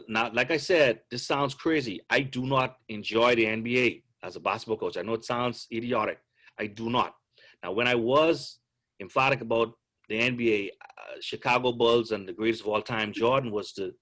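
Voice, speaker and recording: A middle-aged man who coaches basketball, talking through a video call. He is chatty and joking, with a voice of middling pitch that sits right in the usual range for a man. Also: a bit bright.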